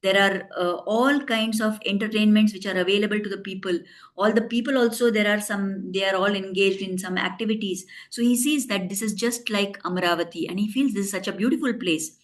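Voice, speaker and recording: A woman's voice: mid-range voice, a little fast. Woman telling a devotional story. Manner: explains and retells in simple English, quoting characters.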